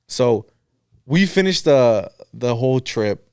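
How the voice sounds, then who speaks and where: A man's voice: mid-range voice, takes it slowly, smooth, no echo, clean studio sound. A man co-hosting a podcast, telling a story casually with lots of swearing and acted-out quotes. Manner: profane, animated storytelling with quoted dialogue. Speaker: podcast co-host.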